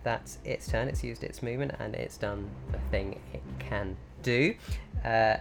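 Unhurried man narrating as game master. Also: mid-range voice, vocal fry, music in the background. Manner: descriptive, unhurried, with fillers.

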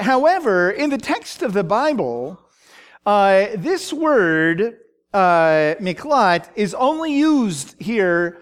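A man teaching a Bible study, talking in a halting way with many fillers and frequent "okay?" check-ins. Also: sits high, smooth.

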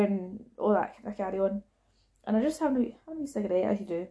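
A woman's voice: medium pitch, expressive, very fast, mellow. A young Scottish woman chatting casually about a film, acting out the characters' lines as she retells scenes.

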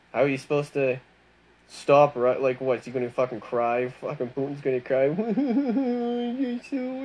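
A man ranting in a rambling monologue, swearing constantly and mocking people with heavy sarcasm. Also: medium pitch. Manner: rambling, animated storytelling. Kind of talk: profane monologue rant.

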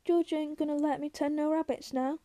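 A woman voicing a big, simple-minded male farmhand who talks in a slow, pleading, fearful way. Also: sits high, flat delivery, dark tone, close to an everyday voice. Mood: wary.

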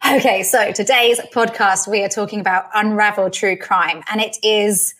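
A woman's voice: medium pitch, steady tone, moderate pace, a bit bright. A woman hosting a podcast, chatting casually and laughing easily with a friend. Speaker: podcast host. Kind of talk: casual chat.

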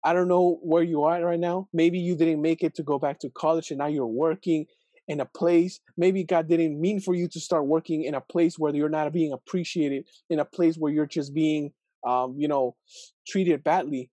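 Mellow-voiced man musing on scripture. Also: fairly high pitch, steady tone, normal speed, no room sound. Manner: thinking aloud, many fillers and rhetorical questions. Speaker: video host reflecting on scripture. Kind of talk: casual Bible reflection video.

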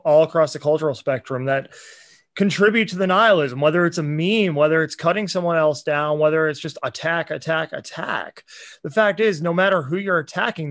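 A man's voice: on the high side, fairly bright tone, no echo, clean studio sound. A man co-hosting a podcast, talking in an earnest, impassioned, preachy way in casual chat. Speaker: podcast co-host.

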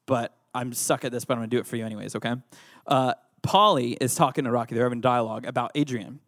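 A man's voice: mid-range voice, quick pace, a bit bright, dry recording, studio quality. A man preaching a youth sermon, playful and teasing the audience. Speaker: youth pastor.

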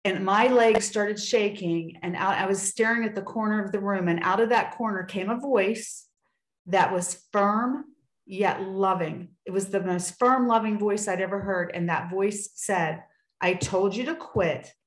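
A woman's voice: mid-range voice, unhurried, reverberant, low-quality recording. A woman sharing a personal faith story in casual talk on a video call, earnest and acting out what people said. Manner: earnest storytelling with acted-out quotes.

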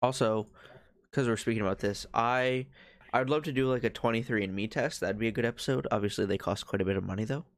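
A man's voice: medium pitch, fast talker, no room sound. A man co-hosting a podcast in casual chat. He talks in a laid-back, musing way and often trails off. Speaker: podcast co-host.

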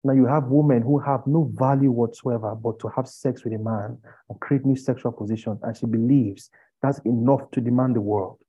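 Male preacher, husky voice, lo-fi recording, impassioned sermon full of rhetorical questions. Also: mid-range voice, fairly even intonation, moderate pace. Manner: rising to loud pleading rhetorical questions. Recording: dull lo-fi recording.

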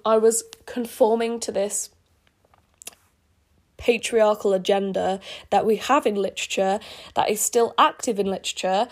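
A woman's voice: medium pitch, gravelly, darkish tone. A young woman reading her old fan fiction with casual commentary, chatty, swearing and laughing at herself.

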